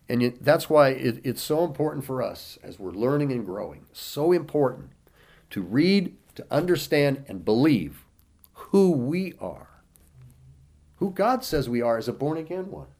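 A man delivers a sermon at an unhurried, deliberate pace, reading scripture aloud and putting rhetorical questions to his listeners. His voice sits at an ordinary middle pitch for a man. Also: a little mellow. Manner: reads scripture in King James wording with rising emphasis, asks rhetorical questions. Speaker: preacher.

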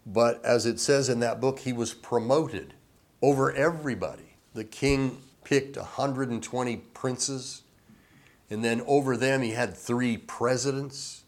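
Slow, deliberate preaching man. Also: medium pitch, fairly even intonation. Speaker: pastor. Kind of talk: sermon.

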